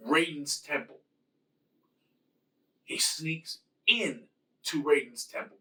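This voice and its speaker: Dude slowly rambling through his movie rewrite, gravelly, kinda far from the mic. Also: on the high side, pushed and bright. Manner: rambling, slangy, full of fillers. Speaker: channel host. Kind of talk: casual movie rewrite retelling.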